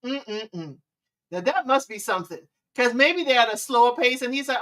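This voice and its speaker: A woman's voice: fairly high pitch, normal speed, fairly bright tone, far from the mic. A woman hosting a live stream, giving relationship advice in a sassy way and humming disapproving mm-mm sounds. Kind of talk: casual live commentary.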